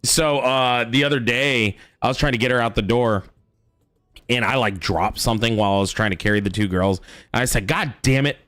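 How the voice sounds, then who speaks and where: A man's voice: medium pitch, fairly even intonation, brisk, fairly bright tone, no echo, clean studio sound, soft background music. A young adult man hosting a game stream, chatting casually in a laid-back way and swearing freely as he reacts to the game. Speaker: streamer host. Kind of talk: casual chat while gaming.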